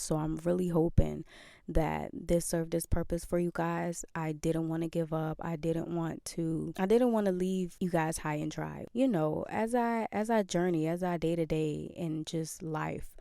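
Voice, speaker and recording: A woman's voice: sits low, fairly even intonation, normal speed, gravelly, mellow, dry recording, studio quality. A woman hosting a podcast, talking earnestly in a casual motivational monologue and repeating phrases for emphasis. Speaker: podcast host.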